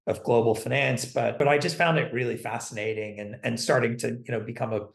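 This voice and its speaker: A man with a gravelly, creaky voice talks through his answers in an easy, meandering way. He restarts his sentences often and leans on fillers. The sound carries a noticeable room echo. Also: medium pitch, steady tone, fairly quick. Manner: rambling, many restarts and fillers. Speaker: guest, company CFO. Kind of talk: conversational interview answers.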